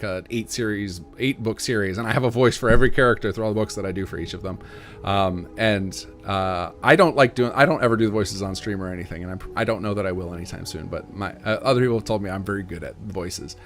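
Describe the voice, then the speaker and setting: A man in his thirties chatting casually on a livestream, answering viewer questions in a rambling way with many fillers and restarts. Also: fairly low pitch. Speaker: mod developer and streamer.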